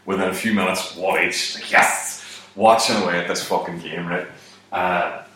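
A man's voice: low-pitched, normal speed. Swearing storyteller man in an echoey room. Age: 30s. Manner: swears constantly, animated, voice jumps up for quoted shouts. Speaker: comedian. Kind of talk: profane comic storytelling. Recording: very echoey room, mic at a distance.

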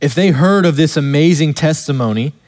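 A male pastor preaching an earnest expository sermon, slowing down to stress the verses he quotes. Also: a little high, darkish tone, in a large hall.

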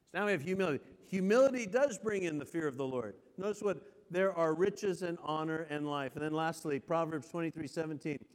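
A man with a high voice preaches to his congregation. He reads each verse slowly and with weight, then says it again in his own words. His voice rings out through a church hall with a long reverb. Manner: reads scripture slowly with strong emphasis, then restates it. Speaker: pastor. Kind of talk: sermon.

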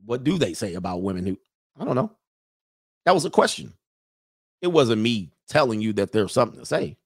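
A man's voice: on the low side, very animated, a little fast, dry recording, studio quality. A man hosting a casual livestream, reading viewer messages, joking, laughing often and mimicking people.

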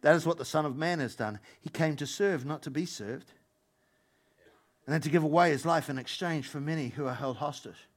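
A male pastor, preaching a lively sermon and joking with his congregation. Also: fairly high pitch, brisk. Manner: playful, joking asides to the congregation.

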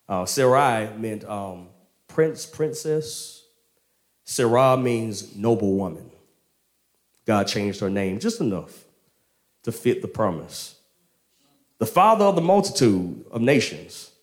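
Male preacher, casual storytelling sermon, slangy, lively pitch swings, medium register. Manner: animated, slangy, laughs often.

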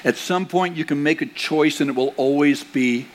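A man's voice: a little high, moderate pace, slight background noise. Older man preaching conversationally. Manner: conversational preaching, rhetorical questions, mock-angry asides. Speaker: pastor. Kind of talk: sermon. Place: church sanctuary.

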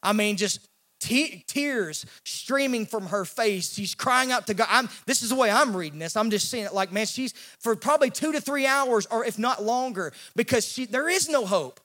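A male pastor, preaching a sermon in an animated way and acting out the voices in the story. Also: very high-pitched, moderate pace. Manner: animated, acts out quoted voices, repeats words when he restarts.

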